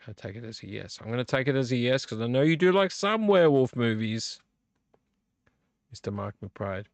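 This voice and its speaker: A man's voice: medium pitch, animated, a little fast, no echo. A man hosting a late-night live video stream, rambling and teasing a viewer by name while a little tipsy from drinking. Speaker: vlog host.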